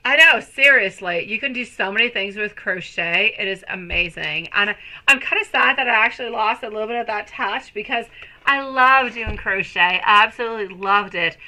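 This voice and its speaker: A woman with a very bright, sharp voice reads tarot live for her viewers. She gushes over them with pet names and breaks into excited bursts between softer, soothing stretches. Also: medium pitch, normal speed, rough recording. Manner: affectionate, calls viewers sweetie and my lovely. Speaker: tarot reader. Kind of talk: live-stream chat with viewers.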